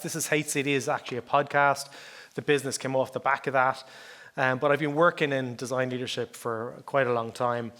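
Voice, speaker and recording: A man's voice: mid-range voice, fairly bright tone. A middle-aged Irish man giving a conference talk in a conversational way, often checking in with "okay?". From Ireland. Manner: conversational, chatty, often adds "okay?" and "like, you know". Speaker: conference speaker.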